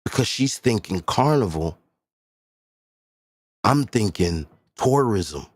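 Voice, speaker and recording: A livestream host from the Boston area rants casually on his own stream, blunt and profane, driving his points home through repetition. His ordinary-pitched, husky voice is animated, rising and falling a lot, and he speaks slowly. The sound is close and dry, with no room sound.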